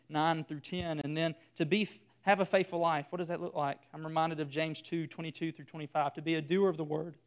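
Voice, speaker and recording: A man's voice: on the high side, clean tone. A man preaching a sermon in an earnest way, building his points by repeating phrases.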